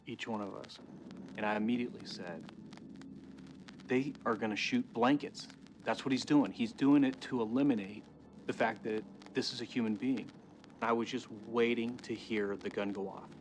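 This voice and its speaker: A man in his twenties giving halting, reflective testimony about surviving a robbery, in a documentary interview. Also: medium pitch, rough recording. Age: 20s. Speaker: survivor telling his story.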